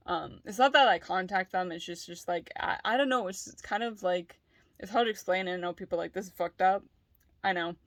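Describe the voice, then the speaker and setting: A woman's voice: mid-range voice, no echo. A woman vlogging candidly, talking in a rambling, frank way with lots of fillers and swearing. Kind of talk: candid personal vlog.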